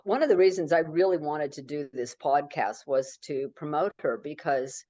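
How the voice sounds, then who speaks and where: A woman author chatting in an interview, warmly praising with frequent restarts. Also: deep voice, no room sound. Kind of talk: casual interview chat. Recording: slightly dull lo-fi sound.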